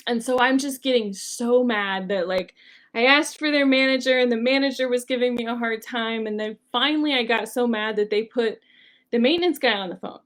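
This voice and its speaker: Speaking briskly in a fairly high voice, a young woman personality coach runs a workshop lesson. Her style is casual and chatty, unfolding like a story and sprinkled heavily with "like" and "um".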